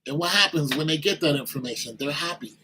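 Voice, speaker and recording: A man's voice: fairly high pitch, quick pace, bright, forceful tone, a little hiss or hum, rough recording. A man giving an informal sermon-style talk, conversational, acting out little exchanges with kids in raised voices.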